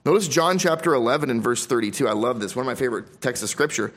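A man preaching a sermon as pastor, reading scripture aloud and swinging between emphatic loud stresses and quiet drops. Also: mid-range voice, fast. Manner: reads scripture aloud in King James wording.

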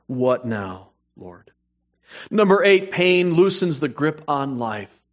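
Man, pastor, sermon, storytelling, hushed then emphatic, lively pitch. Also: takes it slowly.

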